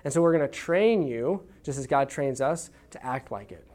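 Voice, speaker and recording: Speaking at a normal speed, a man from Texas runs a church parenting class, earnest and homespun, with plenty of restarts in his stories. His mid-range voice is expressive and a little mellow. The talk is conversational teaching built around stories.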